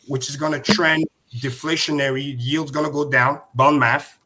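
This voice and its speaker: A man's voice: mid-range voice, steady tone, moderate pace, bright, forceful tone. A man hosting a crypto livestream, explaining emphatically and repeating key points. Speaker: host.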